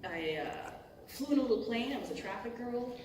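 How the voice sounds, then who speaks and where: A middle-aged voice actress talking casually on a convention panel, rambling and breaking off mid-thought, swearing and laughing often. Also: female voice, a little high, expressive, brisk. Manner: rambling and self-interrupting, cusses, laughs often. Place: large convention hall. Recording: echoey hall from far off, noisy.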